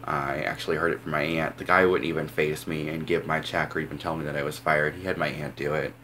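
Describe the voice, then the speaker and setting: A man's voice: a bass voice, steady tone, quick pace, pushed and bright, a little hiss or hum. A young man telling a rambling personal story in a casual vlog, full of "like" and "um". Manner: rambling, filler-heavy, says "like" a lot. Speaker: vlogger.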